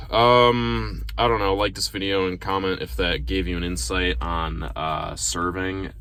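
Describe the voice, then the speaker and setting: A man's voice: deep voice, steady tone, slow pace, a bit bright, slight background noise. A man who works as a restaurant server tells a story casually from inside his car, talking into his phone. He rambles, sounds a little self-conscious, and uses lots of fillers and restarts. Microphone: phone held in front of him.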